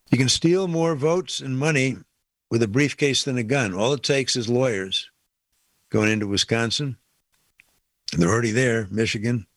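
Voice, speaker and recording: A man hosting a talk radio show, giving emphatic political commentary and slowing down to stress key lines. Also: mid-range voice, dry recording.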